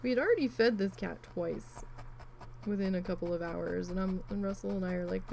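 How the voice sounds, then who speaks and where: A woman vlogger telling a rambling, animated story in a casual chat while she crafts, with asides and mild swearing. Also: mid-range voice, brisk, gravelly, slight background noise, poor audio.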